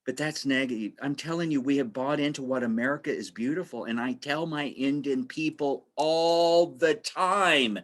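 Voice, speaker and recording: A man's voice: mid-range voice, normal speed, few pauses. A man presenting a webinar in a conversational, storytelling way, repeating phrases for emphasis and acting out the voices of people he quotes.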